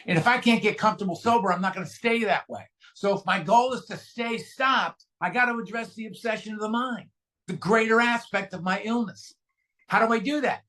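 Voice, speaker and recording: Man, high voice, bright forceful tone, candid self-mocking storytelling, recovery meeting share. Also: a little fast. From California, USA. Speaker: guest speaker at a recovery meeting.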